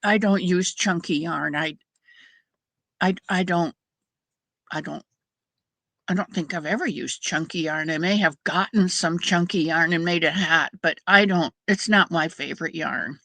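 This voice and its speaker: A woman's voice: on the low side, measured pace, sharp tone, dry recording. A middle-aged woman hosting a crafting livestream, chatting casually and rambling as she greets viewers by name. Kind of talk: casual chat with live viewers.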